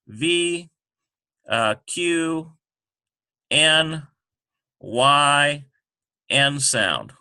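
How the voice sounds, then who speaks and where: A man teaching a lesson over a screen recording, talking haltingly with many ums and self-corrections. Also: mid-range voice, bright, forceful tone, dry recording.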